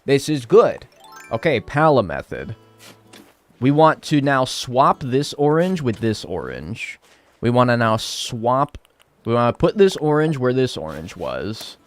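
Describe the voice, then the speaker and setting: A man's voice: medium pitch, big pitch swings, measured pace, soft background music. An American man chatting casually on a live stream while playing a game, joking around and swearing freely.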